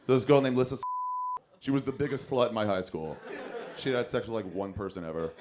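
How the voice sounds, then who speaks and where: A man does stand-up on a club stage, his voice on the low side and his pace brisk, with a crowd audible in the background. He tells a long, profane story with animation, acting out the voices of the people in it.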